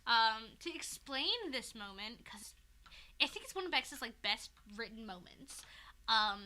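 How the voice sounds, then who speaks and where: A young woman co-hosting a podcast, recapping a story in a rambling, animated way, full of "like" and casual swearing. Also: fairly high pitch, unhurried, a little hiss or hum. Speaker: podcast co-host recapping a fanfic. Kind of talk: casual chat.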